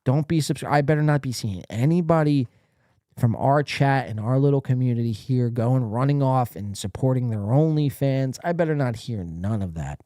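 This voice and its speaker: A man's voice: medium pitch, animated, moderate pace, dark tone, no echo, clean studio sound. A man hosting a live stream podcast, ranting casually in a blunt, profane, rambling way.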